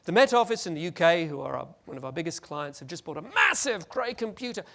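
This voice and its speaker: A man giving a lively, joking conference presentation and acting out little scenes. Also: a little high, quick pace, gravelly. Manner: animated, jokey, acts out scenes. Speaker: conference speaker.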